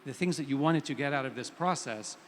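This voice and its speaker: A man's voice: mid-range voice, fairly quick. A man with a mid-range voice lays out his argument on a conference panel step by step. His voice rings in a long hall reverb over faint room noise. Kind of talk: panel discussion.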